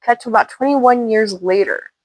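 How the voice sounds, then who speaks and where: A woman's voice: on the high side, normal speed, dry recording. A woman from Washington State, hosting her channel and casually telling paranormal stories with loose, chatty asides. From Washington State, USA. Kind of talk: casual storytelling.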